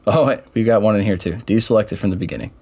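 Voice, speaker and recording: A young man casually walking through software steps in a screen-recorded tutorial, with keyboard typing behind him. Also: on the low side, very fast. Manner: step-by-step, casual explaining. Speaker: tutorial host.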